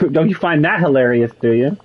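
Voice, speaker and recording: A man's voice: fairly high pitch, lively intonation, moderate pace, slight background noise. A young man casually commenting while playing a video game, making wry jokes and musing aloud. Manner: wry, joking asides, muses aloud. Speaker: gamer. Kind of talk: let's play commentary. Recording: slightly muffled with faint game music.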